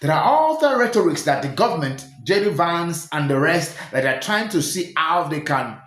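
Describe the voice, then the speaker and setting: Guy doing commentary, earnest, bit high voice, roomy echo. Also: lively intonation, moderate pace, fairly bright tone, faint music behind. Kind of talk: commentary to viewers. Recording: echoey room.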